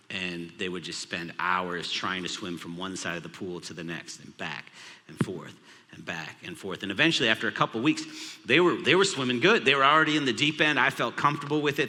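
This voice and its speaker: Male pastor, 30s, deep punchy delivery, comic storytelling, big church echo. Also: brisk, bright, forceful tone. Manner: humorous anecdotal storytelling. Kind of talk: sermon storytelling. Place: large church auditorium. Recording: long hall reverb.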